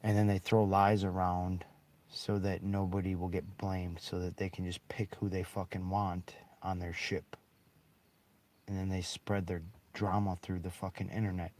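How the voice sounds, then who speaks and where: Man, low voice, warm dark tone, rambling, profane, bitter monologue. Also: level tone, moderate pace. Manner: rambling, heavy swearing, bitter laughs. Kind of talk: angry monologue.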